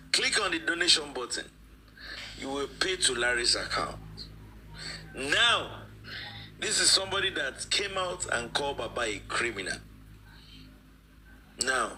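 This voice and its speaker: A man's voice: medium pitch, big pitch swings, a little slow, long pauses, pushed and bright, slight background noise, poor audio. A man, speaking as a guest in a live-stream discussion, emphatic and repeating phrases for stress.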